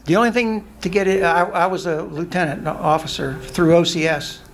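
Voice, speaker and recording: An older man, a Vietnam veteran, answers a question from the audience at a live event. His voice is rather high-pitched, and he speaks in a dry, matter-of-fact way. A faint ambient hum sits beneath his voice. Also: steady tone, brisk. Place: restaurant event room.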